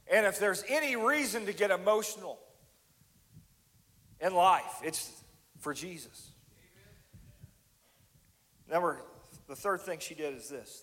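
A man preaching a sermon as pastor, impassioned, swinging from near shouts down to hushed, quiet tones. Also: sits high, animated, slow pace, long pauses. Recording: long hall reverb.

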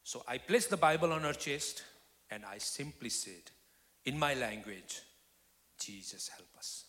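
Man, testimony sermon, loud-to-whisper swings, bright forceful voice, long hall reverb. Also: medium pitch, lively intonation, a little slow. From Nepal. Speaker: guest speaker. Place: church hall.

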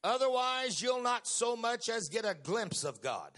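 A middle-aged man preaching a sermon, moving from quiet storytelling to loud, emphatic lines with stretched-out words. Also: very high-pitched, sing-song, unhurried.

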